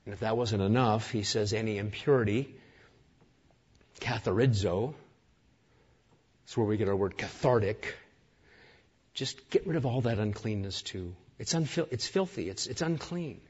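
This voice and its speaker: Husky-voiced man preaching a sermon. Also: fairly low pitch, normal speed, pauses often, darkish tone, highs cut off. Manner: earnest, emphatic preaching with repeated lists. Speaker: pastor.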